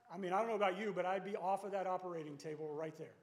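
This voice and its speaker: A man's voice: sits high, rapid-fire, few pauses. A man preaching a sermon to his congregation in a conversational way, asking rhetorical questions. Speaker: pastor. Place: church sanctuary. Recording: echoey church sanctuary with long reverb.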